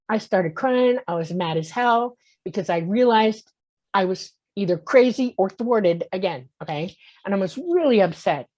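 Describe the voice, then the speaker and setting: A woman's voice: medium pitch, darkish tone. A woman in her sixties telling a personal story as a guest on a talk show. She acts out the voices in her story and keeps checking in with "okay?". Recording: muffled lo-fi audio.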